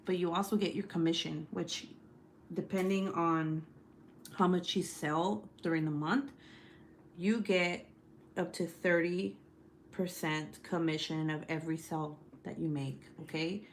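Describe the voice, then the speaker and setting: A woman's voice: on the low side, steady tone, unhurried, slight background noise. A young woman hosting a casual livestream, chatty and profane, leaning on lots of "like" fillers. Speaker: YouTube host.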